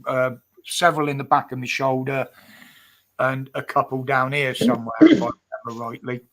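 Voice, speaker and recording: A man's voice: medium pitch, fairly quick. A man chatting casually on a livestream, blunt and swearing freely, laughing often. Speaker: livestream host. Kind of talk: casual chat.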